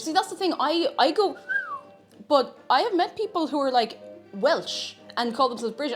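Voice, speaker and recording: A woman's voice: high-pitched, lively intonation, a little fast. A young Irish woman streaming live as she cooks, chatting playfully with her chat and reading out messages. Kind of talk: casual live-stream chat while cooking. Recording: faint music in background.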